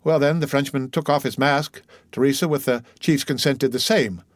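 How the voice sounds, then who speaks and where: A man's voice: medium pitch, normal speed, no echo, close to an everyday voice. A man reading as a devoted, grateful bandit. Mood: deferential. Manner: respectful, deferential. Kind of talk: audiobook character reading.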